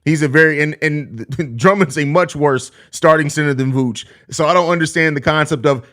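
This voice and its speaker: A man's voice: fairly high pitch, normal speed, few pauses, fairly bright tone. A man hosting a live sports podcast, reading chat messages and reacting in a blunt, profane, sarcastic way. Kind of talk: casual live-stream sports talk.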